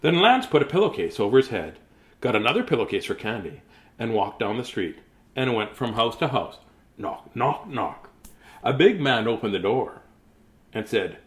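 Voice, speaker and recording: Lively man reading a picture book aloud. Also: medium pitch, moderate pace. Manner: chuckling, chatty asides. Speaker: storybook reader.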